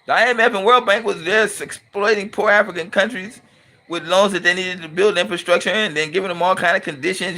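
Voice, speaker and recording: A man's voice: sits high, brisk, bright, forceful tone, slight background noise. A middle-aged man from California, hosting his channel with a casual, blunt and emphatic opinionated monologue. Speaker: channel host and commentator.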